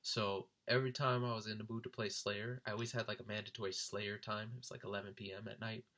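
A young man with a bright, forceful voice tells a story straight to the camera. He is animated and laughs often, and his voice lifts high whenever he imitates his friends. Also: quick pace. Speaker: vlogger recounting a concert. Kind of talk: casual storytelling.

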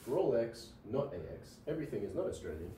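Here a man lectures on logic at a university, going through examples and asking "right?" between filler words. His medium-pitched voice is very animated, quick and dark in tone, with slight background noise. The audio carries a roomy echo, distant placement and faint ambience.

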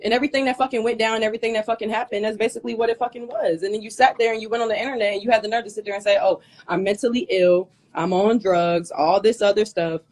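A woman with a fairly high voice rants on a live stream, furious, profane and confrontational. She is worked up, hot and sweating, and she keeps hammering her point straight into her phone. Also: steady tone, rapid-fire, few pauses. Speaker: livestream host. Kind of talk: heated livestream rant.

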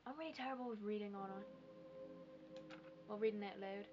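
A woman's voice: mid-range voice, moderate pace, music in the background. A woman casually commenting on a video game while playing, chatty and self-deprecating as she thinks aloud. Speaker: gameplay commentator. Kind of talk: casual let's-play commentary. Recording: lo-fi home recording with background hiss.

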